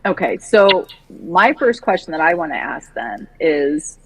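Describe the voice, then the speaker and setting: A woman host with a notably low voice puts calm, direct questions to her guest. A steady noise with clicking sounds sits under her voice throughout. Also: unhurried. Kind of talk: interview questions. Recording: noisy background with clicks.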